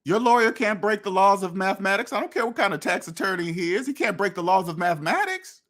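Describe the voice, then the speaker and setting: Talking fast in a high, lively, slightly bright voice, this man hosts a finance podcast. His casual monologue is blunt and preachy, with imagined dialogues acted out and occasional profanity.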